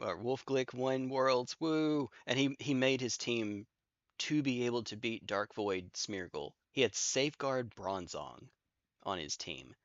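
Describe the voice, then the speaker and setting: A man's voice: medium pitch, fairly bright tone, no room sound, muffled recording. A man streaming online battles, joking and thinking aloud in casual commentary with lots of repeats.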